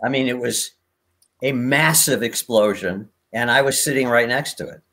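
A man's voice: mid-range voice, moderate pace, fairly bright tone. An older man, a guest performer on a video call, telling anecdotes in a rambling way with many restarts. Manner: rambling, many restarts, laughs at own stories. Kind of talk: anecdotal storytelling.

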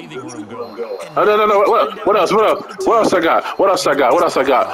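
A man's voice: fairly high pitch, sing-song, normal speed, low-quality recording. A man trash-talking an opponent while playing an online game, mocking, profane and repeating his taunts. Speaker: online gamer. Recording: video game stadium crowd noise behind voice. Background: game crowd sounds.

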